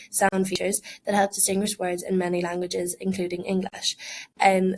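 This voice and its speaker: Woman presenting in an even tone. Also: mid-range voice, poor audio. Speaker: student presenter. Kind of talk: scripted class presentation.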